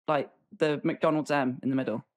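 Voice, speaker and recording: A woman's voice: very deep voice, steady tone, normal speed, no room sound. An English woman in her thirties co-hosting a podcast, chatting casually with lots of fillers and dry teasing humour. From England. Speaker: podcast co-host, golf broadcaster. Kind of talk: casual chat.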